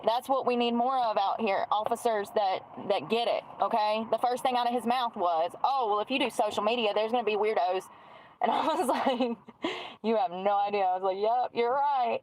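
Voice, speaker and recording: A woman's voice: a little high, fairly quick, slight background noise, low-quality recording. A woman chatting casually while doing her makeup, musing aloud and trailing off mid-sentence. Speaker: streamer.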